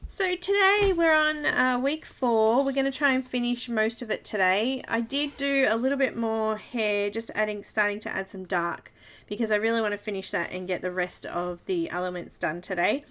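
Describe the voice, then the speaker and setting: A woman's voice: a little high, normal speed, fairly bright tone. Giggly Australian woman greeting viewers. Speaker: host of a live coloring stream. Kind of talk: casual live-stream chat.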